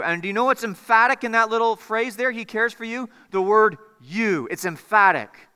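A man's voice: sits high, normal speed, hardly any pauses, clean tone, long reverb tail. A man preaching a sermon as pastor, earnest and building to impassioned appeals. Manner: earnest, rising to impassioned appeals, then hushed.

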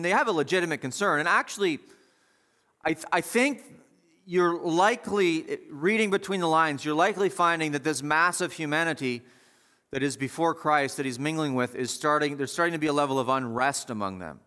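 A man's voice: fairly high pitch, animated, moderate pace, pushed and bright. A man preaching a sermon in a conversational, emphatic way, asking the listeners questions.

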